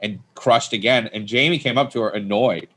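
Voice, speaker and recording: A stand-up comedian as a podcast guest, telling casual, swear-laden anecdotes in loose, rambling chat. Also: male voice, medium pitch, brisk, a bit bright.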